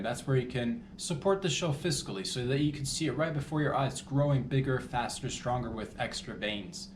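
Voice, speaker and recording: A man's voice: medium pitch, moderate pace, hardly any pauses, roomy sound, a little hiss or hum. A man hosting a comedy podcast, rambling loosely with crude jokes and asides. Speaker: podcast host.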